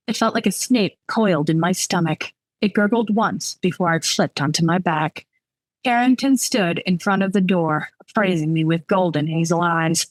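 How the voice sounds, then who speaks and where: A woman author reading her own novel aloud in lively, expressive first-person narration. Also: fairly low pitch, dry recording.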